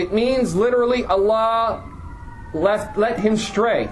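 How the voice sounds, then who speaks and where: High-voiced man lecturing on a text. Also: a little slow, poor audio. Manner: reads passages aloud, then translates and explains them, with frequent restarts. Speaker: teacher explaining a religious text. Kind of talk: classroom lecture.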